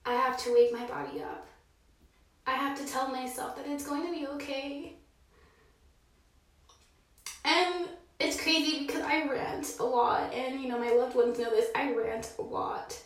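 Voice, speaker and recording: A young woman with a high, fairly flat voice talks through a rambling, heartfelt confessional, now and then sinking to a whisper. She sits in a dark bathroom, and her voice rings off the tiled walls from a mic set some way off. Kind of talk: confessional monologue. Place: dark bathroom, sitting in a bathtub. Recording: very echoey bathroom, mic at a distance.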